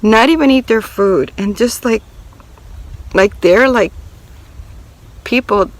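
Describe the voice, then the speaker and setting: A woman's voice: medium pitch, takes it slowly, rough recording. A woman talking casually to her viewers while walking around her rural property outdoors, filming herself. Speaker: homestead vlogger. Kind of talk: casual vlog to camera.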